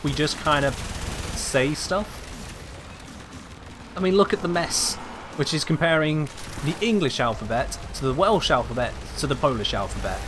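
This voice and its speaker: A man with a fairly high voice chats casually during a live gaming stream, musing aloud and repeatedly asking viewers how to pronounce a name. Loud game music and background noise fill the recording.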